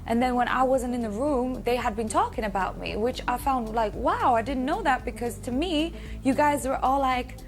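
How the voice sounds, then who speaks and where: Earnest woman contestant, slightly high voice, faint music behind. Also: normal speed, hardly any pauses. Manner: earnest, rambling, with fillers. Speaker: evicted reality show contestant. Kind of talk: casual interview talk.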